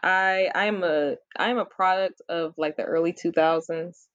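A woman guest chatting casually in a playful, dramatic way. Her voice sits fairly low. The recording is dry and muffled, with a lo-fi sound. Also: steady tone, measured pace, dry recording. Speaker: guest, card game creator. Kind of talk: casual chat.

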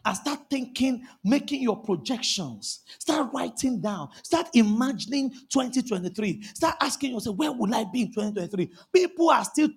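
Pastor in his 30s, high gravelly voice, fiery sermon delivery with loud bursts. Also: animated. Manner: preaching with shouted bursts and drawn-out emphasis.

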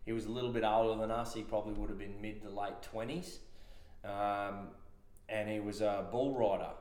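A man's voice: lowish voice, fairly even intonation, moderate pace, darkish tone. A man with an Australian accent, a podcast guest telling a rowdy workplace story in casual, swearing, laughing style. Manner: swearing, laughing anecdote teller. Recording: roomy echo.

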